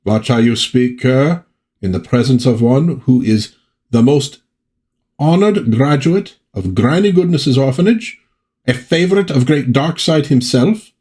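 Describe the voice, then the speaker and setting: A man's voice: mid-range voice, animated, measured pace, a little mellow, voice pushed up, close to an everyday voice. A man reading comic dialogue aloud as a haughty, self-important male alien official.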